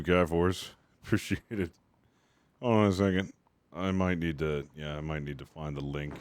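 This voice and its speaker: A man with a very low voice chats casually with his stream viewers. He rambles and swears freely. His voice sounds dry and close, with no room around it. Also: darkish tone, no echo. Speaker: game streamer.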